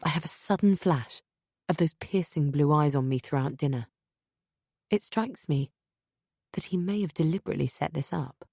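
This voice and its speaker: Female audiobook narrator, low register, dry studio sound, tense measured reading. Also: creaky, mellow, slightly rough, no echo. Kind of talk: first-person thriller narration.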